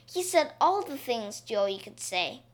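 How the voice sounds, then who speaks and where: A woman reading a children's story aloud, slowly and expressively. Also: fairly high pitch. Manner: slow, expressive read-aloud.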